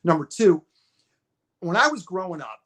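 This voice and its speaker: A man's voice: high-pitched, big pitch swings, normal speed, fairly bright tone, slightly rough. A man in his fifties, a podcast guest, telling stories in casual conversation, acting out quotes and repeating words as he goes. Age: 50s. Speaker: podcast guest, bodybuilding promoter. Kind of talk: casual storytelling interview.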